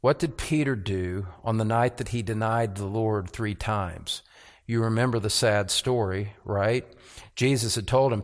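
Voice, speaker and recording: A man's voice: fairly low pitch, measured pace. A man preaching a sermon as pastor, earnest, with repeated words and rhetorical questions.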